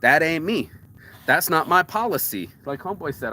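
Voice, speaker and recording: Rambling profane man, big pitch swings. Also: lively intonation, normal speed, sharp tone, a little hiss or hum. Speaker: host. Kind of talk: casual motivational monologue.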